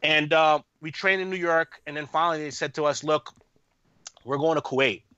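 A man in his thirties, a guest on an interview podcast, telling a story in a rambling, animated way with lots of fillers. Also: fairly high pitch, moderate pace, smooth, dry recording. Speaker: podcast guest, army veteran. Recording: muffled lo-fi, dry room.

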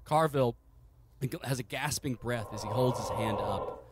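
A man's voice: medium pitch, heavy background noise. Man narrating as game master. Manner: rambling, halting, amused. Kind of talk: narrating a comedic tabletop game.

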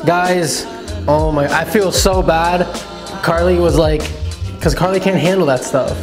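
A man's voice: fairly high pitch, measured pace. Male prank vlogger, teasing and repetitive, recorded in a very echoey room with music under him. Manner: pleading and teasing, repeats himself. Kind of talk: casual vlog chat.

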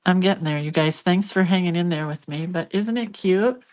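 A chatty, giggly older woman with a slightly low voice, talking easily to her viewers while she draws. She tells little family stories and drifts into asides. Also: brisk, a little mellow. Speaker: hand-lettering artist hosting a live stream. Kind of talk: casual live-stream chat while drawing.

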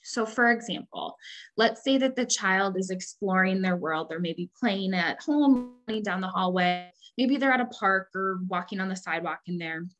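A woman's voice: mid-range voice, fairly bright tone, low-quality recording. A woman explaining child development. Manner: explanatory, with frequent "like" and "um". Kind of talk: educational presentation.

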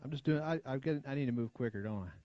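An American man preaching a sermon, talking plainly to his congregation, asking for amens and dropping his voice low and quiet to stress key points. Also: fast talker, dry recording. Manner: conversational preaching, frequent call-and-response asides. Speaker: pastor. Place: church sanctuary. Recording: dull lo-fi church recording.

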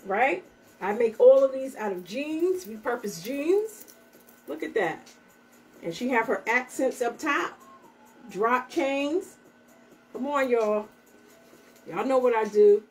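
A woman's voice: fairly high pitch, expressive, slow, long pauses, darkish tone, far from the mic, soft background music. A woman selling her handmade bags on a livestream, in a chatty, upbeat way and talking straight to her viewers. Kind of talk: casual live sales pitch.

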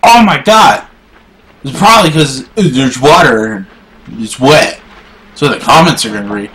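A young man playing a video game and commenting as he goes, swearing a lot and swinging from low muttering to shouting in frustration. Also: lively intonation, a little slow. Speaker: gaming YouTuber. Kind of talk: raging gameplay commentary.

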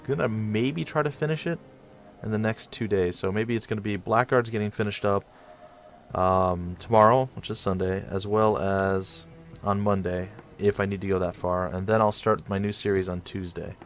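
A man's voice: on the low side, steady tone, moderate pace, gravelly, soft background music. A young man casually commentating his strategy game, rambling and stumbling over his words. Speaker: let's play host.

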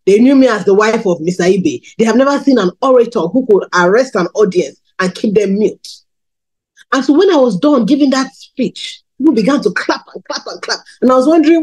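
Woman, 30s, from Nigeria, preacher, candid storytelling, slightly high voice. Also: fairly quick, slightly rough, low-quality recording. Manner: candid storytelling, animated pitch swings. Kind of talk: sermon testimony.

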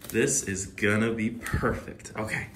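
Young male vlogger, low voice, slow delivery, effortful grunts and whispered muttering, noisy home recording. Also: fairly even intonation. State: strained and out of breath. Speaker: product reviewer. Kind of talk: comedic unboxing vlog.

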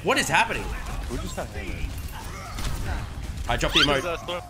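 A young man giving joking, excitable gameplay commentary with sudden shouts. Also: fairly high pitch, normal speed. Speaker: gaming streamer. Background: background music.

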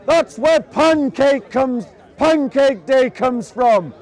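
High-voiced man preaching slowly outdoors. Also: animated, darkish tone. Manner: slow, emphatic, often raising his voice. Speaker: street preacher. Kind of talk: open-air preaching. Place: outdoor public park speaking spot. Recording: outdoors with a crowd murmuring.

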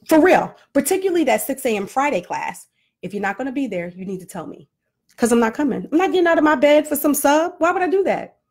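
High-voiced woman ranting with laughs. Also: a little fast. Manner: animated, self-deprecating, laughs often. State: flushed and winded from workout. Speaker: vlogger. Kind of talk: casual comedic rant to camera.

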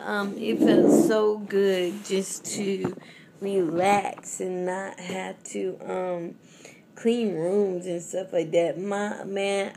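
A young woman talks casually to her camera, rambling through her thoughts with plenty of fillers and false starts. Her delivery is slow and unhurried, her pitch in a middle range, and she keeps breaking into laughs. A faint hum of ambient noise sits behind her voice. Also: dark tone. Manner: rambling, chatty, with many fillers and restarts. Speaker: vlogger.

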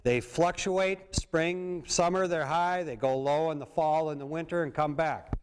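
A man's voice: a little high, fairly even intonation, unhurried, clear, resonant tone. A man from Minnesota giving an informal talk to an audience, who often checks in with his listeners. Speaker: presenter on septic systems. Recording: long reverb of a hall.

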